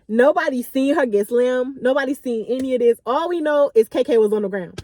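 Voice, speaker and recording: A woman in her late twenties, a vlogger, telling a story in a chatty, animated, slangy way. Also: high voice, brisk, dry recording, studio quality. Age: late 20s. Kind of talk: casual storytime.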